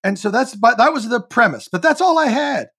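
Animated, profane storyteller, a man. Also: very high voice, a little fast, breathy edge. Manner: animated, profane, barks when reenacting. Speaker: guest, actor and comedian. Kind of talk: casual storytelling interview.

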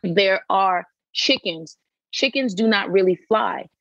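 A woman's voice: mid-range voice, slow pace, dry recording. Emphatic woman, dry dull-sounding recording. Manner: animated, emphatic storytelling with repeated phrases. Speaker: podcast guest. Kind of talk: casual interview chat.

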